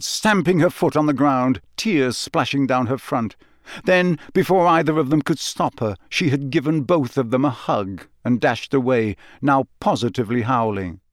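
A man narrating a fantasy novel as an audiobook in a measured, expressive storytelling manner, on a close studio mic. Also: mid-range voice, no echo. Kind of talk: scripted narration.

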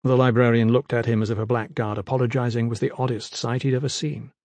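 A man reading a fantasy novel aloud in a measured, wry narration. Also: medium pitch, little pitch movement, a little mellow, dry recording. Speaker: audiobook narrator. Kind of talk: scripted narration.

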